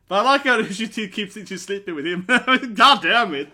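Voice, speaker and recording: A man chatters through a live reaction, laughing and exclaiming as he goes. His voice sits high, and its tone is very bright and sharp. He keeps tagging his remarks with quick questions to the listener. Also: expressive. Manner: laughs often, exclaims, tags lines with "right?" and "man". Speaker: reaction video host. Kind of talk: excited live reaction commentary.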